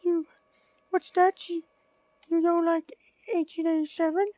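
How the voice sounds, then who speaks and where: A man's voice: extremely high pitch, level tone, measured pace, no echo, voice pushed up. A man voicing the world itself as a sarcastic, taunting figure in a game video, on a dull lo-fi recording. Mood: mocking. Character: mocking personified world, squeaky taunting voice.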